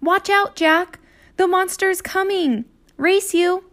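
A woman voicing an imaginative, excitable seven-year-old girl in a children's story read-aloud, calling out eagerly. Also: sits high, slow pace, voice pushed up, exaggerated voice. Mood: excited. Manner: excited, shouting.

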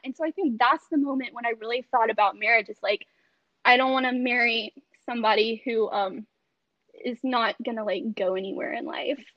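A woman's voice: sits high, brisk, no echo. Chatty young woman on a dull video call. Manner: chatty, many fillers, laughs often. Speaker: podcast guest. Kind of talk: casual conversation on a video call.

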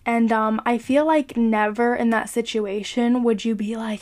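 A woman's voice: on the high side, fairly even intonation, unhurried, few pauses. A young woman talking casually and earnestly about her faith, hesitant and full of filler words. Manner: hesitant, full of ums and you-knows; earnest, soft-spoken. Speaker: vlogger sharing a faith reflection. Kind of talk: casual devotional talk.

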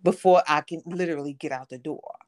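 A woman's voice: sits low, a little fast, darkish tone. A woman guest on a podcast, telling a personal story of faith and illness in conversation and acting out the voices of the people in it. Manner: storytelling, acts out quoted voices.

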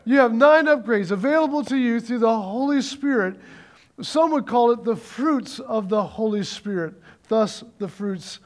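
A pastor preaching in a loose, conversational way, with a strikingly high male voice. He talks with animated energy and leads call-and-response with his congregation. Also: a little slow. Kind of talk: sermon.

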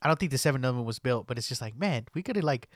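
A young man, chatting on a podcast in a slangy, profane, animated way. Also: mid-range voice, rapid-fire, no room sound, studio quality. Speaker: podcast host. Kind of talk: casual storytelling chat.

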